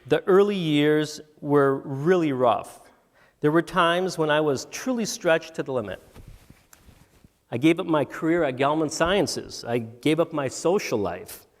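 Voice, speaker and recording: A man from Michigan, a guest entrepreneur, telling stories from his life to students in a lecture, with many fillers and restarts. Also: on the high side. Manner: anecdotal, with frequent fillers and restarts. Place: university auditorium. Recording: reverberant auditorium.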